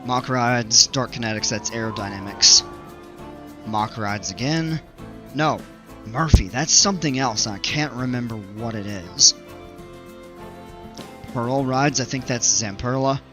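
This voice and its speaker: A man giving casual commentary while playing a building game, thinking aloud with fillers, his voice a little hoarse. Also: medium pitch, unhurried, bright, forceful tone, faint music behind. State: slightly hoarse, regaining voice. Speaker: gaming video creator.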